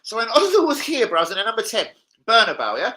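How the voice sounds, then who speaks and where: A man's voice: extremely high pitch, fast, poor audio. A young man ranting casually about football as a fan channel host, swearing a lot and slipping into impressions of people. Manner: animated, sweary, slangy, mimics people.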